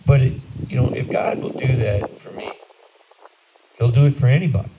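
A man's voice: mid-range voice, animated, moderate pace, highs cut off, noisy background. A man in his sixties, a priest, preaching a homily in a blunt, conversational, self-deprecating way. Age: 60s. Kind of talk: sermon.

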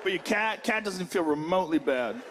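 A man doing a stand-up comedy routine, profane and animated, often shouting. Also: high-pitched, moderate pace, slight background noise. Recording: loud music and crowd laughter. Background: crowd laughter, music.

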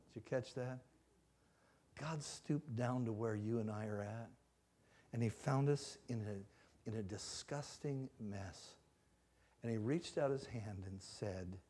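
A man evangelist preaching a sermon in a church, swinging from hushed passages to loud rising climaxes and acted-out stories. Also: mid-range voice, normal speed, husky. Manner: storytelling with shouted acted-out cries. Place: church sanctuary.

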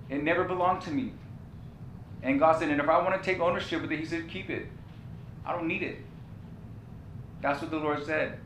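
A male pastor preaching a sermon, telling a personal story with passion and repeating key phrases. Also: fairly bright tone. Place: church sanctuary. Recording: echoey church room with faint rumble.

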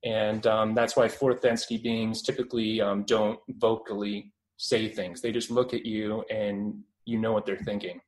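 A man's voice: lowish voice, flat delivery, normal speed, few pauses, a little mellow, poor audio. A man in his twenties with a Canadian accent, a guest in a casual radio interview, rambling and full of fillers and restarts. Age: 20s.

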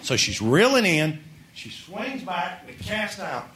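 A man doing live stand-up comedy, telling a folksy story and building up to excited shouts. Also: high-pitched, takes it slowly, a loud crowd. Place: club or stage before a live audience. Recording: live show with audience laughter and noise.

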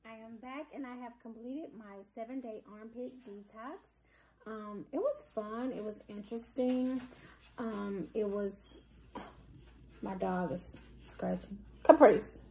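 Woman vlogger, casual rambling chat at home, warm tone with a gravelly edge. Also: on the high side, measured pace. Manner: rambling, chatty, many filler ums.

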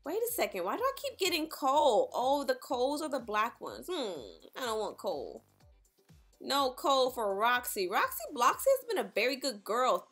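A young woman commenting on her gameplay in an excitable, dramatic, chatty way, with faint music behind her. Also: fairly high pitch. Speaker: gaming YouTuber.

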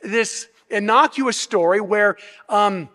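Speaking slowly in a high, pushed, bright voice, a man pastor works through an expository sermon step by step, posing rhetorical questions. He often restarts and repeats words, recorded in a church sanctuary with long hall reverb.

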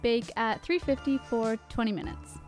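A woman's voice: on the high side, moderate pace, over music. A young woman co-hosting a cooking channel, reading recipe steps and tasting food with enthusiasm. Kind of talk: recipe narration and casual chat.

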